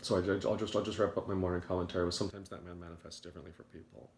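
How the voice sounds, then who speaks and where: A man with a very low voice talks quickly through a rambling morning commentary, stumbling and repeating words as he restarts his thoughts. The sound is roomy and echoey, with a faint hiss underneath. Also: steady tone. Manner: halting, stammers and repeats words. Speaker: video commentator.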